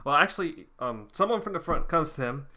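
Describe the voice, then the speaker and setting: A man's voice: fairly high pitch, lively intonation, fairly quick, sharp tone. A young man hosting a reaction video, casually recapping episodes in a rambling way with many restarts and fillers.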